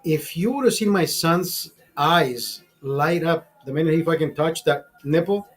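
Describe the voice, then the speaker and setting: High-voiced man in his fifties, swearing. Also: unhurried. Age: 50s. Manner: rambling, repeats words, swears freely. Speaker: show host. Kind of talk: casual profane storytelling. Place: streaming studio.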